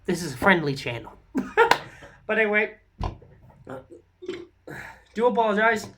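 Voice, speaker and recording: A woman's voice: medium pitch, expressive, a little slow, background noise. A woman from South Africa with a South African English accent, chatting casually in a vlog, rambling and repeating words for emphasis. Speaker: vlogger.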